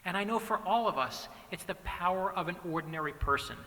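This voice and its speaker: Man in his forties, keynote author, earnest storyteller, higher voice, long hall reverb. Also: lively intonation, brisk, bright, forceful tone. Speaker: author giving a keynote speech. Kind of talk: inspirational speech with storytelling. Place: large banquet hall.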